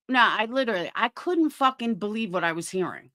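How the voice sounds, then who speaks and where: A woman's voice: mid-range voice, expressive, brisk, sharp tone. Heated, profane woman ranting on a livestream. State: fighting cancer. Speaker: livestream host. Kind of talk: angry livestream rant.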